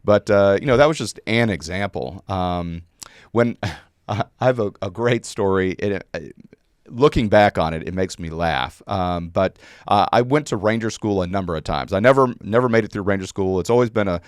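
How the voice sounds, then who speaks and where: Middle-aged male guest, low smooth voice, rambling anecdotal delivery in a dry room. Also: normal speed, no room sound. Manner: rambling with many fillers and restarts. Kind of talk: storytelling in a conversation.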